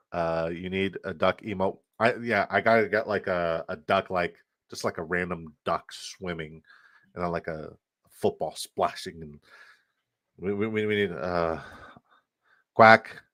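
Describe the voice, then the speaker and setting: Brief: lower-pitched male streamer, profane and hyped, reading and answering chat. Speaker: fantasy football streamer. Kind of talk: casual live stream chat.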